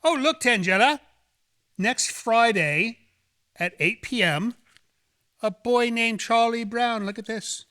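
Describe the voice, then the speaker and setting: A man's voice: extremely high pitch, takes it slowly, long pauses, pushed and bright. A man hosting a horror movie show, rambling and joking in playful banter. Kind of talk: playful, campy hosting chat.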